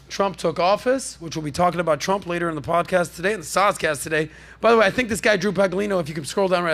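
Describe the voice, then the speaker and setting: Animated, gravelly-voiced male podcast host. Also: high voice. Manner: animated, jokey, riffing asides to his crew. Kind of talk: energetic news commentary.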